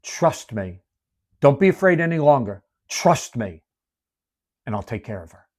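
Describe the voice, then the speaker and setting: Man doing a kind male healer, soft and coaxing, mid-pitched, hushed reassurance. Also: sing-song, unhurried. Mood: reassuring.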